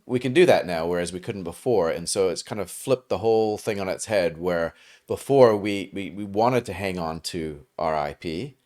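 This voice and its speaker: A male podcast host with a very low voice, sounding upbeat and chatty. He keeps things conversational and often tags his points with a quick question. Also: a little mellow. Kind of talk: casual podcast interview.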